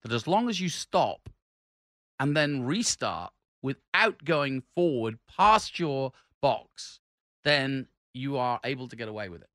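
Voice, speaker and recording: Bright-voiced halting podcast man. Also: mid-range voice, sing-song, no echo, studio quality. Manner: halting, explains the rules at length. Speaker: podcast co-host. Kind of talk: casual motorsport chat.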